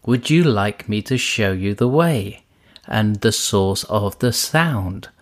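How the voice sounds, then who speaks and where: A man voicing a helpful male raccoon who guides the way in a spoken story, calm and slow. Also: fairly low pitch.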